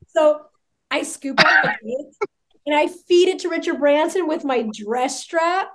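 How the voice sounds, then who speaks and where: High-voiced excitable woman telling a story. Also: unhurried, vocal fry. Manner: excitable, chatty, lots of filler words. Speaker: podcast guest. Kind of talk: casual storytelling.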